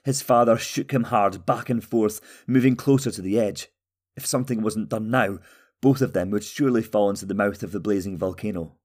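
A man narrates a fantasy novella in a steady, even manner. His voice sits low and calm, paced for scripted storytelling. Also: brisk. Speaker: audiobook narrator.

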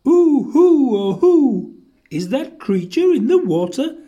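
A storyteller voicing a flock of cheerful, hooting duck-billed dinosaurs in a storybook read-aloud, high and gleeful. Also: big pitch swings, slow pace, dark tone, dull audio, exaggerated voice.

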